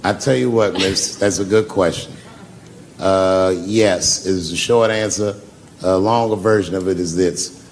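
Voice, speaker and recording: A man's voice: sits low, unhurried, a little hiss or hum. A man doing a stand-up set at a comedy club, telling stories in a laid-back, profane way. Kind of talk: stand-up set with crowd work.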